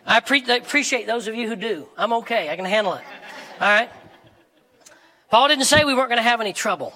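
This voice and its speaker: A male pastor preaching a sermon in a church, animated, shouting and laughing as he reads scripture to the congregation. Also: very high-pitched, fast talker, rough recording. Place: church sanctuary.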